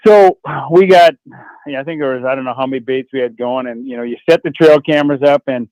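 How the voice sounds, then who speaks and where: This fast-talking man has a mid-range, slightly mellow voice, heard with no echo and poor audio. A guest from an outdoor adventure TV show, he spins hunting yarns on a radio call-in, folksy and rambling, restarting sentences as he goes.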